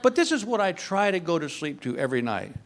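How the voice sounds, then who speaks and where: A man's voice: a little high, fast talker. An older man doing a stand-up comedy routine on a club stage, telling stories with mock exasperation. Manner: animated storytelling, mock exasperation.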